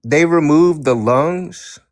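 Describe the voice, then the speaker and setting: A man giving measured, explanatory commentary as a guest in a discussion. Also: a little high, no echo, studio quality.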